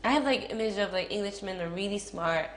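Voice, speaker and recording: A woman's voice: medium pitch, fairly quick. A young woman with a Japanese accent answering interview questions in a casual, chatty way, full of fillers and giggles. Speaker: interviewee, actress. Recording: echoey room with faint noise.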